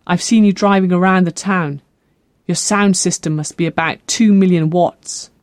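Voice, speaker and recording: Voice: mid-range voice, steady tone, normal speed, no room sound, natural voice. An audiobook reader voicing a desperate young woman caught shoplifting, breathless and pleading.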